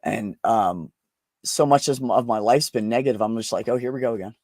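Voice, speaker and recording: A man's voice: mid-range voice, brisk, a little mellow, dry recording, clean studio sound. A man candidly telling a personal story in casual conversation, blunt and emotional, swearing often. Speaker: podcast host.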